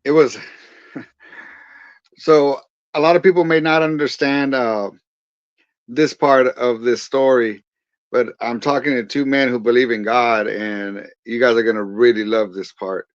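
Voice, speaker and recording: A pastor and veteran in his forties from California's Central Valley earnestly retells his testimony as a guest, quoting dialogue along the way. His medium-pitched voice is steady and unhurried, with long pauses. The dry recording sounds slightly dull and has no room sound.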